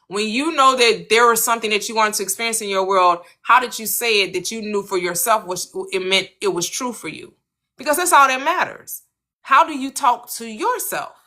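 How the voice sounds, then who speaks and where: Host type: American woman, bright, earnest motivational coach who repeats points for emphasis. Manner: earnest, coaching, repeats phrases, lively swings in pitch. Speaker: manifestation channel host. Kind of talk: motivational spiritual talk.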